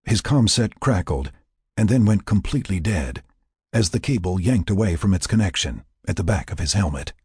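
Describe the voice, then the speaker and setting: Raspy, low male storyteller. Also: lively intonation, normal speed, darkish tone, dry recording, clean studio sound. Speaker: narrator. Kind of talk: scripted narration.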